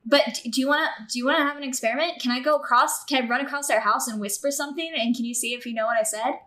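Woman podcast host, slightly high voice, playful and chatty, laughs easily. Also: fairly even intonation, racing, pushed and bright. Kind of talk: casual conversational podcast.

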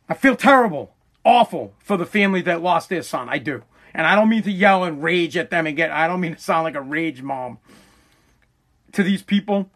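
Fiery ranting man, high voice. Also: expressive, moderate pace, a bit bright. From Massachusetts. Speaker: podcast host. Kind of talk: heated podcast monologue.

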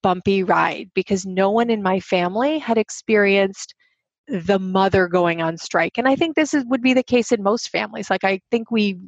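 A woman in her thirties tells a personal story with animated energy and jumps into the voices of the people in it. The sound is dry and close, with a slightly dull, muffled tone. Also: medium pitch, normal speed, dry recording. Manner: animated, acts out quoted voices. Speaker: guest telling her story.

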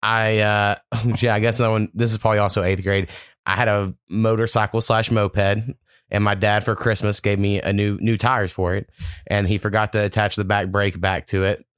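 A man's voice: on the low side, flat delivery, normal speed, fairly bright tone, smooth, dry recording, clean studio sound. A young man, hosting a casual podcast and telling long, profane, rambling stories. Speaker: podcast host.

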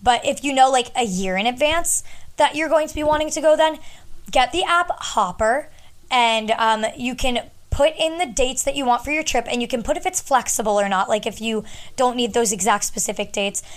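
Young woman, slightly high and smooth-voiced, casual rambling host sharing travel advice. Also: moderate pace. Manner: chatty, rambling, many fillers.

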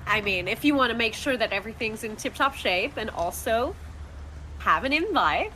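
A woman's voice: on the high side, expressive, moderate pace, pushed and bright, slight background noise, rough recording. A woman chatting casually as a player in a tabletop game. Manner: chatty, laughs easily.

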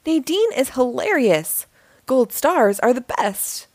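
A woman reading a storybook, voicing a chatty, cheerful little girl with a bright, eager manner. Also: high-pitched, sing-song, takes it slowly, no echo, heavily acted. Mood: excited.

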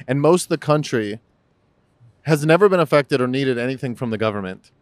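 A man co-hosting a casual podcast, swearing freely and rambling from point to point. His voice sits at an ordinary pitch, and the recording is dry and close, with no room sound. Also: brisk, no echo. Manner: profane, rambling, animated. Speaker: podcast co-host. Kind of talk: casual political chat.

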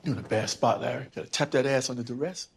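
A man's voice: mid-range voice, fast talker, gravelly, close to an everyday voice. An actor playing a crude, brash man who swears freely and brags in a sitcom scene.

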